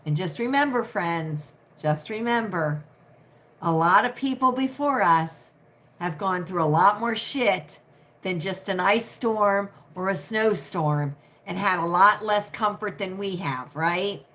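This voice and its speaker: Woman host, casual live chat, chatty, repeats herself, slow bright voice, fairly high. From United States. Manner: chatty, repeats herself, frequent "right?" tags, laughs often. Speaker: livestream host.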